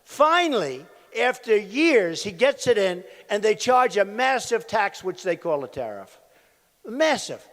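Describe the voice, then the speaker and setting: High-voiced man at an echoey rally. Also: big pitch swings, a little slow, a bit bright. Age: 60s. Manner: rambling, repetitive storytelling with asides to the crowd. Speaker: presidential candidate at a campaign rally. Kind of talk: campaign rally speech. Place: large rally venue. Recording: echoey hall sound from a rally venue.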